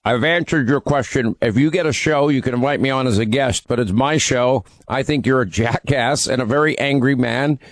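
A man's voice: medium pitch, normal speed, hardly any pauses, no echo. A man hosting a call-in radio show, needling and arguing with a caller. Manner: combative, needling. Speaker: radio talk show host.

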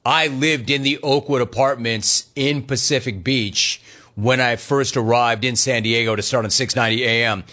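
A man's voice: mid-range voice, steady tone, moderate pace, bright, forceful tone. A middle-aged man hosting a radio call-in show, teasing callers and riffing on their words. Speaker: sports radio host.

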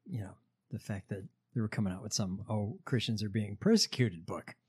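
A man co-hosting a podcast, telling stories in a relaxed, sarcastic way with lots of fillers. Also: on the low side, fairly quick, breathy edge. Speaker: podcast co-host. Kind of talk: casual chat.

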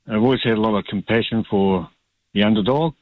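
A man with a New Zealand accent calling in to talkback radio, speaking haltingly with many ums. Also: on the low side, dry recording. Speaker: caller. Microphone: phone line. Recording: dull phone line.

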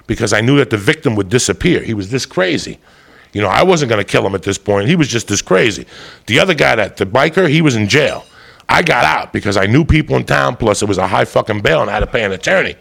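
A man with a deeply gravelly, fry-laden voice at a middling pitch tells a long story, swearing freely. He is animated, and his voice jumps up into loud put-on voices whenever he quotes someone. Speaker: comedian telling a story. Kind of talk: profane storytelling monologue.

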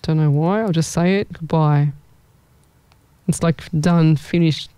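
Psychic host, rambling live-stream readings, warm and smooth. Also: medium pitch, fairly even intonation, measured pace, no echo. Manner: chatty, rambling, thinks aloud.

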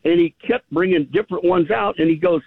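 Man, southern accent, caller, gravelly, dry phone-line sound, eager storyteller. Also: high voice, brisk, no room sound. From California, US. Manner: rambling, enthusiastic storyteller. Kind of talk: phone-in chat.

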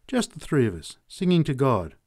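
A man's voice: mid-range voice, wildly swooping pitch, moderate pace, darkish tone, pitched above the performer's own voice. A man reading a story aloud, voicing a big, confident working-class woman who talks plainly and motherly. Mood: kindly. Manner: plain-spoken, folksy. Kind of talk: audiobook reading.

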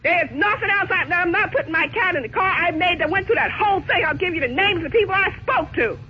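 A woman's voice: very high voice, expressive, fast, pushed and bright. Indignant woman on a muffled phone line. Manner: indignant, stubborn, keeps repeating herself. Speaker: prank call target. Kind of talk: phone call.

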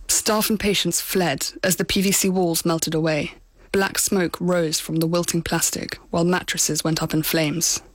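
A woman foreign correspondent narrating a scripted report in a measured, sober storytelling manner. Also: fairly low pitch, no echo.

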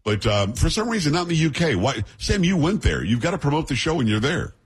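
A man's voice: on the high side, sing-song, quick pace, breathy edge. A middle-aged man hosting a radio talk show, chatting and joking casually with his sidekick. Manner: chatty, jokey banter with sidekick.

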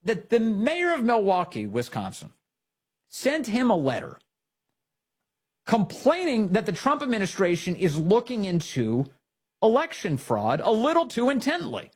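A man's voice: sits high, wildly swooping pitch, measured pace, a little mellow, breathy edge. A man hosting a political talk show, delivering indignant commentary full of sarcastic rhetorical questions.

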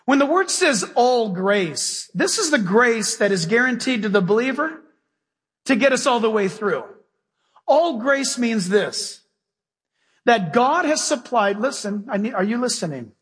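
A man's voice: extremely high pitch, big pitch swings, unhurried, fairly bright tone, slightly rough. A man preaching a sermon to his congregation in a church, folksy and emphatic, often firing questions straight at his listeners. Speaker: pastor. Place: church sanctuary with a live congregation. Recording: long hall reverb.

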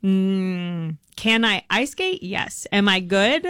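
A young woman with laryngitis, chatting as a guest in a halting, storytelling way and laughing often. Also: medium pitch, lively intonation, a bit bright, clean tone, dry recording, clean studio sound. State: laryngitis, losing her voice. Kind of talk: casual chat.

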